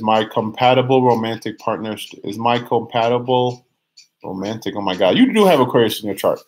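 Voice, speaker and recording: A young man giving live tarot readings on a stream, chatty and teasing, reading viewer comments aloud, often restarting his phrases. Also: medium pitch. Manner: many restarts and drawn-out phrases, sometimes sings a line. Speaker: tarot reader.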